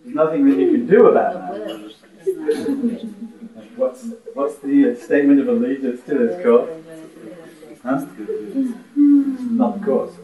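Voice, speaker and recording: A man preaching to a gathered audience, throwing rhetorical questions and laughing lightly as he talks. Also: mid-range voice. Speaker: spiritual teacher. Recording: echoey room from a distance, audience.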